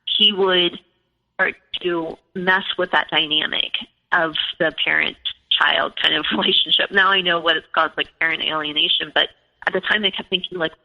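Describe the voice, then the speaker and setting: A woman's voice: low voice, fairly even intonation, moderate pace, gravelly. A woman in her forties, a podcast guest, telling her own story in a casual, rambling way full of fillers. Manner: rambling, heavy use of filler "like". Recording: echoey, muffled phone-like call audio.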